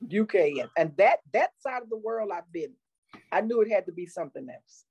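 A woman's voice: medium pitch, expressive, moderate pace, darkish tone, breathy edge. A woman guest speaking in an encouraging, motivational way during a casual interview.

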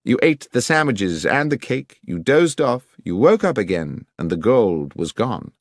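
A man voicing a brisk, incisive male detective in an audiobook, with crisp, precise diction. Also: medium pitch, very animated, dry recording, studio quality, voice pushed up. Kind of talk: audiobook character reading.

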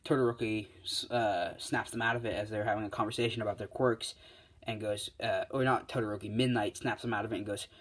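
A man's voice: fairly low pitch, steady tone, fairly quick, a bit bright, slightly rough. Rambling man retelling a fan story. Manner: rambling, full of fillers and restarts.

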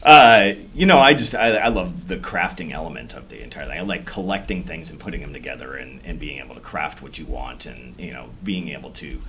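A man with an extremely deep voice, yet bright and forceful in tone. He talks in a laid-back, easygoing way as a guest on a game livestream, over a faint hiss of noise. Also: animated, fairly quick, few pauses. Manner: laid-back, laughs easily, says "you know" a lot. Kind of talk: casual livestream interview chat.

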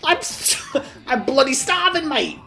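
A man's voice: extremely high pitch, big pitch swings, measured pace, vocal fry, bright, forceful tone, soft background music, pitched above the performer's own voice, full character voice. A man doing a starving British-accented plant monster. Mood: whiny. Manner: whining, melodramatic.

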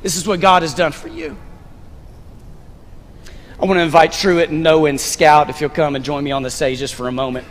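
Pastor, male, high voice, lively stage preacher with a joking touch; long hall reverb. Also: normal speed, long pauses. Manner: animated, directing volunteers on stage with playful asides. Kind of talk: sermon. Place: church stage. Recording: long reverb of a large sanctuary.

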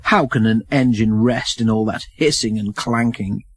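A man's voice: on the low side, moderate pace, breathy edge, no echo, clean studio sound. A man voicing a haughty, snobbish male diesel engine in a children's storybook reading, speaking in a lofty, disdainful way. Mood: smug.

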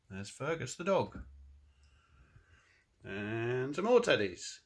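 Slow, lively older grandad reading a storybook. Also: male voice, medium pitch, husky. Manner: gentle, expressive, pointing out pictures. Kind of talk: reading a picture book aloud to children.

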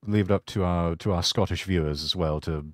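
A man's voice: deep voice, brisk, no room sound, studio quality. A British man from England hosting a podcast interview, chatting in a casual, encouraging way and often restarting his words. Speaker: podcast host.

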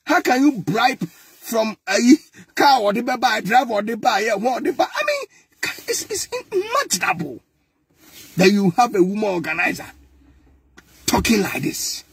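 Ghanaian male commentator: high, husky, sarcastic and exasperated; dry close sound. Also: moderate pace, a bit bright. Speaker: political commentator. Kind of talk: mocking political commentary.

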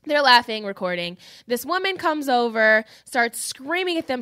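A woman co-hosting a podcast, telling stories in an animated, profane way. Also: a little high, moderate pace, hardly any pauses, no echo, studio quality. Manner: animated, profane storytelling with acted-out quotes. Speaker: podcast co-host. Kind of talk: casual chat.

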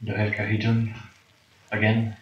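A man's voice: lowish voice, completely flat delivery, normal speed, background noise. A young man joking around while coaching a friend through a video game. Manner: joking, teasing. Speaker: gamer. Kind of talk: casual gameplay commentary. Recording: echoey room, far mic, dull sound.

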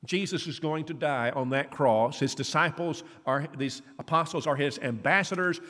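A man preaches a sermon in a chatty, storytelling way, his pitch sitting a bit high. He leaps higher when he acts out the voices of the people in the story. His words ring out with a long church reverb. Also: moderate pace, a bit bright. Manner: conversational, acts out quoted dialogue with rising pitch. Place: church hall.

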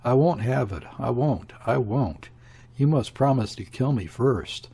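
A man's voice: mid-range voice, expressive, a little slow, gravelly, dark tone, breathy edge, exaggerated voice. A man reading aloud, voicing a frightened, desperate woman who pleads in a trembling, breathless voice.

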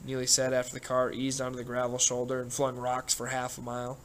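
A man reads a novel aloud in a steady, plain narrating voice. His pitch sits in the ordinary middle range for a man. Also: fast talker, poor audio. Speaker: audiobook narrator. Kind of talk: scripted narration.

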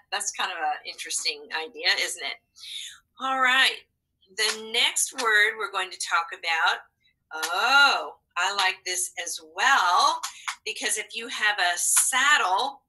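A woman's voice: mid-range voice, bright, forceful tone, husky, low-quality recording. A woman teaching a phonics lesson to children, speaking patiently and coaxing answers with prompts and praise.

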